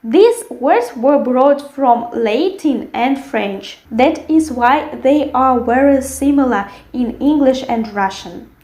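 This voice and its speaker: A woman teaching a language lesson, carefully repeating words slowly for learners. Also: sits high, animated, a little mellow. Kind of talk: language lesson with word drills. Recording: echoey room.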